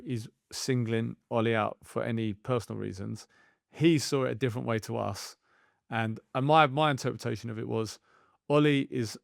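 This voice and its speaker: Gravelly candid man chatting. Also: medium pitch, no room sound, studio quality. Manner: candid, self-deprecating, swears casually. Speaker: podcast co-host and youth football coach. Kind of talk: casual podcast chat.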